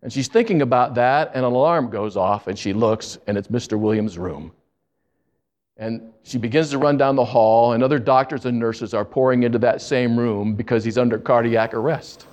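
A man preaching, telling a story earnestly and slowing down for emphasis. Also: medium pitch, darkish tone. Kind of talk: sermon storytelling.

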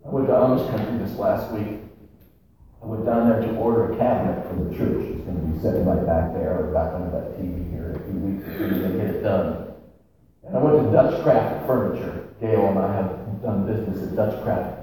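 Man preaching a sermon, lowish dark voice, lots of church echo. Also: slight background noise. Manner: emphatic preaching with slow repeated key phrases. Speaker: pastor. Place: large echoey church sanctuary. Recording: echoey hall from far off.

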